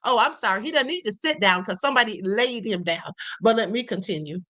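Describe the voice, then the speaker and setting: A woman's voice: medium pitch, lively intonation, a little fast, fairly bright tone. A woman hosting a live stream, reacting to clips in a sassy way and calling viewers honey. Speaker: host.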